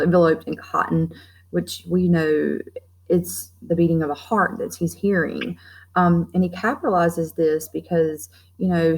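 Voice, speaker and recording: Woman teacher, lower voice, casual explaining, lots of fillers. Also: darkish tone, poor audio. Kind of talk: classroom literature lesson.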